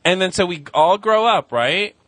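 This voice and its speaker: A man's voice: high voice, moderate pace, no room sound. A man in his thirties hosting a podcast, telling stories in casual comic chat and acting out the people he quotes. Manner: animated storyteller, acts out quotes. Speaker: podcast host.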